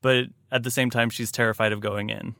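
A man hosting a podcast in casual chat, playful and quick to laugh. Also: mid-range voice, little pitch movement, creaky, pushed and bright, dry recording, clean studio sound. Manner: playful, laughs often, acts out quotes. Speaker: podcast host.

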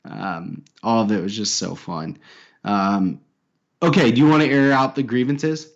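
A man's voice: lowish voice, fairly even intonation, measured pace, dull audio. A man co-hosting a podcast in casual banter, joking, laughing often and swearing. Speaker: podcast co-host.

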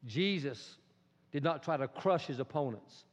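A man preaching a sermon as a pastor, swinging between loud and hushed delivery and acting out quotes. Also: on the high side, animated, a little slow. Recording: dull sound in a reverberant hall.

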